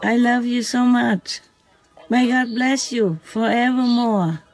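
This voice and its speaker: A soft-spoken vlogger who talks gently and affectionately, as in a spoken diary at night. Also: mid-range voice, steady tone, slow, soft background music, low-quality recording. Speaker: vlogger speaking to a visiting fox spirit. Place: outdoors at night by a forest.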